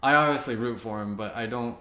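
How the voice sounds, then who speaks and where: A young man co-hosting a casual movie review chat, rambling and relaxed, laughing easily. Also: mid-range voice, a little fast. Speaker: co-host. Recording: echoey room.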